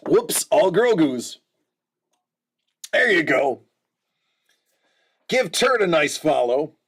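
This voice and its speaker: A man's voice: fairly high pitch, big pitch swings, takes it slowly, fairly bright tone, husky. An American man hosting a livestream, chatting casually and jokingly with his viewers and calling them by name. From United States. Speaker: livestream host.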